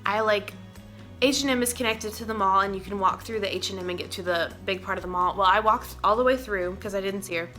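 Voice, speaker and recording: A young woman from Oklahoma telling an excited, rambling story about meeting someone, laughing often. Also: mid-range voice, fast, soft background music. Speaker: vlogger. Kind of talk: casual storytime vlog.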